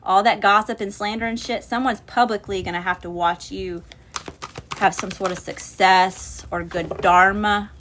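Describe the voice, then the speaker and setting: A woman's voice: medium pitch, normal speed, a little hiss or hum. A woman hosting a casual livestream tarot reading, cursing freely and calling her viewers y'all. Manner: profane, animated, addresses viewers as y'all. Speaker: spiritual channeler and livestream host.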